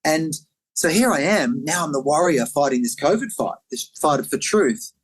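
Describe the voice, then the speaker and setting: Animated middle-aged man telling his story. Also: on the high side, normal speed, slightly rough, poor audio. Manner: animated, acts out quoted voices, many filler words. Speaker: interview guest. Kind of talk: personal storytelling in conversation.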